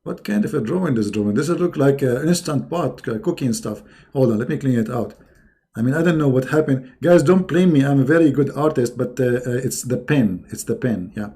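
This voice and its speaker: A man hosting a livestream, talking casually with a mocking, sarcastic, animated manner. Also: mid-range voice, a little fast. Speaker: livestream host.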